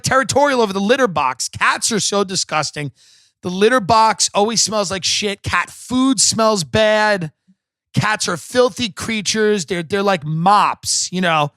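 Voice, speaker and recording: High-pitched man ranting comedic podcast monologue. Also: pushed and bright, no room sound. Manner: profane, sarcastic, rambling rant. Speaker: podcast host. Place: home podcast set.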